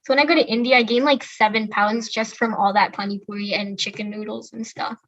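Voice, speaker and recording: A young woman with a fairly high voice chats casually on a podcast, piling on "like" fillers as she goes. The sound is muffled and lo-fi. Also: steady tone, a little fast, fairly bright tone. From United States. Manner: chatty, many "like" fillers. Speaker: podcast co-host. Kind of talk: casual chat. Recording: muffled lo-fi audio.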